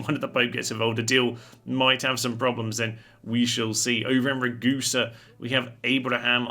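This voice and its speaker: A man's voice: medium pitch, pushed and bright. A man hosting a gaming channel, giving chatty, wry commentary on a strategy game as he thinks aloud.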